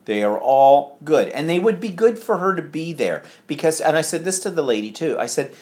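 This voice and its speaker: A man co-hosts a casual podcast, telling a story in a fairly high voice. He slips into the voices of the people he quotes as he goes. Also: animated, brisk. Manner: chatty storytelling, acting out quoted lines. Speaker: podcast co-host. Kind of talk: casual chat.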